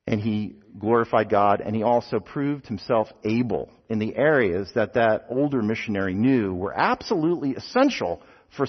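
A man's voice: mid-range voice, breathy edge. A man preaching a sermon, telling stories with rhetorical questions and light asides, in a dull recording with a long hall echo.

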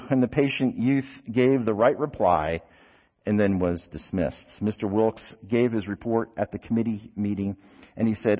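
A man preaches a sermon through stories, rhetorical questions and light asides. His voice is lowish and his pace moderate. The recording sounds dull, with a long hall echo.

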